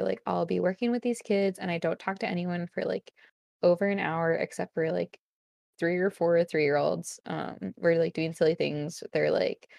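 Young woman, guest, casual chat, creaky gravelly voice, slightly low pitch, dry close sound, rambling with many fillers. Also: warm tone, no room sound. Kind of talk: casual conversation.

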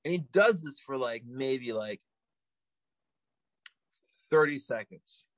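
Animated man telling a story, dry mic. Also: mid-range voice, slow pace, dry recording, rough recording. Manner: animated, repeats himself, many fillers and restarts. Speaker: podcast guest. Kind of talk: casual storytelling in a podcast interview.

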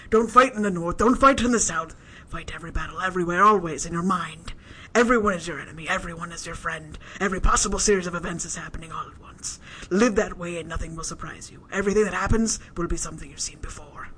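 A man's voice: high voice, fast talker, pushed and bright, slight background noise. A man voicing a scheming male schemer in a put-on Irish accent, murmuring out of the side of his mouth. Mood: conspiratorial.

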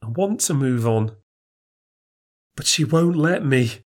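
A man voicing a frightened, guilt-ridden young man who pleads in a high, panicky voice. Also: animated, takes it slowly. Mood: tearful.

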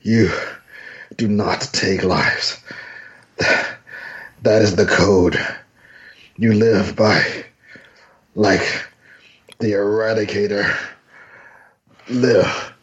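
A man's voice: on the low side, drawn-out words, pauses often, a bit bright, dull audio. A man voicing a cold, menacing alien machine villain in an amateur table read of a script.

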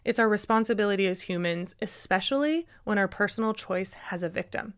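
A woman talks through a solo podcast episode in an earnest, emphatic way, stumbling and restarting as she goes. Her voice sits at an ordinary middle pitch and carries a slightly emotional edge. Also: brisk, clean tone. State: a little emotional. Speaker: podcast host. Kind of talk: casual solo podcast monologue.

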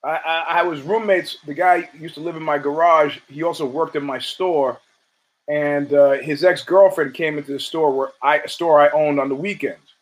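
A man with a fairly high voice hosts his own talk show, spinning a long, profane anecdote off the cuff. He stammers and restarts as he goes and slips into the other people's lines when he quotes them. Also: steady tone, moderate pace, poor audio. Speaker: podcast host. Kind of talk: casual storytelling monologue.

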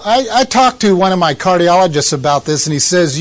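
A man's voice: sits high, lively intonation, brisk, few pauses. A man giving conversational Bible teaching, asking rhetorical questions and making asides to his listeners.

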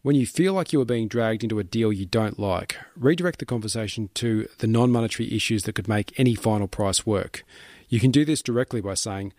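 Male narrator, low register, even scripted delivery, dry close recording. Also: no echo. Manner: even, measured reading. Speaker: book summary narrator.

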